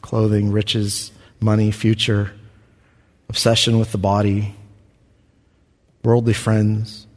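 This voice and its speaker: A man's voice: lowish voice, monotone, slow, pauses often, big-room sound. A man preaching a sermon. He talks earnestly and repeats questions for emphasis. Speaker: pastor.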